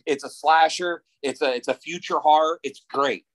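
A man in his thirties from New Jersey, a podcast guest telling stories in a casual, excitable and profane way. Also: a little high, normal speed, rough recording. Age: 30s. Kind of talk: casual chat.

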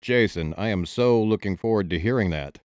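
A man's voice: lowish voice, a little fast, darkish tone, no room sound. A man hosting an interview, giving short, encouraging replies. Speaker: interview host. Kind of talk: casual interview.

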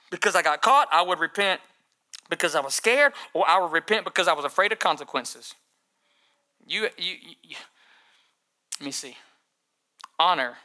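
A male pastor preaching a sermon, telling a humorous story in an animated way and often repeating words. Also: on the high side.

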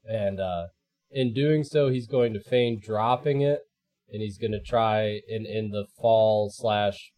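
Unhurried lower-voiced male player, spells out each move. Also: a little mellow. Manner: deliberate, describing his character's moves. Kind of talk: casual tabletop play.

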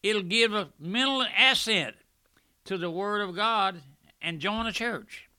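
An older man preaching a fervent radio sermon, swelling loudly at points and breaking into asides. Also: high voice, slow pace, clean tone, no echo.

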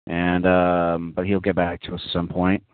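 A man's voice: low-pitched, completely flat delivery, normal speed, no echo. A man hosting a casual online radio talk show, rambling in a mock-serious way with many fillers, heard as tinny, phone-like audio. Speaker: host.

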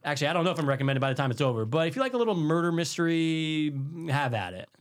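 A man co-hosting a podcast in casual chat, animated and jokey with quick asides. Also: on the high side. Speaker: podcast co-host.

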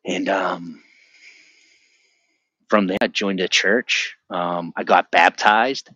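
A man's voice: low-pitched, fairly even intonation, bright, forceful tone, no room sound, muffled recording. Earnest man telling a vivid testimony. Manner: earnest, vivid, halting with restarts. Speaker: podcast guest sharing his testimony. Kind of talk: personal testimony storytelling.

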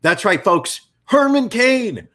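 A man's voice: a little high, very animated, moderate pace, fairly bright tone, pitched above the performer's own voice. A man putting on a slick radio announcer voice for a mock sponsor read. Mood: hyped. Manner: hyped announcer delivery.

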